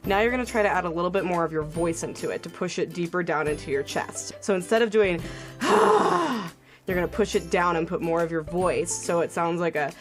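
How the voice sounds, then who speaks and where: A woman's voice: lowish voice, expressive, fairly quick, faint music behind. A young woman coaching a screaming vocal tutorial, upbeat and encouraging, demonstrating with sighs and growls.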